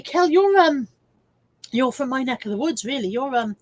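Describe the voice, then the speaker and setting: English woman hosting a live stream, chatty and self-mocking, bit higher pitch, casual home setup. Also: lively intonation, slow, long pauses. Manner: chatty, self-mocking, reads viewer comments aloud.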